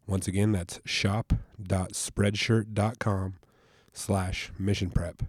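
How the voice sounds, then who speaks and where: A man's voice: low-pitched, little pitch movement, slow pace, slightly rough, dry recording, clean studio sound. A man hosting a podcast, talking in a laid-back, casual way with a stuffed-up nasal voice from allergies. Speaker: podcast host. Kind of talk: casual podcast intro and chat.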